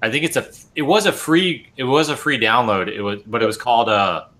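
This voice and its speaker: A man co-hosting a wargaming podcast, talking excitedly with many likes. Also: mid-range voice, brisk. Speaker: podcast co-host. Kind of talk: casual chat.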